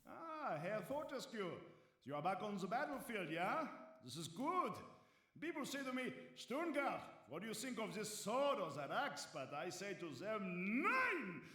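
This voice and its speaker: An actor voicing a boastful German shield-master in a video game, with a German accent and a pompous, emphatic way of lecturing. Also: male voice, sits high, big pitch swings, unhurried, pushed and bright, exaggerated voice. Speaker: game character. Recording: game audio, echoey and distant, faint hiss.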